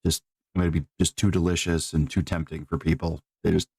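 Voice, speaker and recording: A man's voice: low-pitched, little pitch movement, fairly quick, gravelly, darkish tone, breathy edge, no echo. A man making a comedic apology as a guest, rambling and hesitant with lots of filler. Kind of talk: comedic sketch chat.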